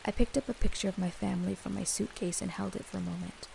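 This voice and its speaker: Young woman narrator with a gravelly edge, steady read of a creepy story. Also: medium pitch, quick pace, noisy background. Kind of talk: scripted first-person horror narration.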